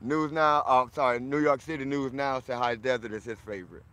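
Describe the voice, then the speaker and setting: Loud friendly florida guy chatting on a livestream, shouting out viewers by name. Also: mid-range voice, steady tone, brisk. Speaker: livestream host reading viewer comments. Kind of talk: casual livestream chat.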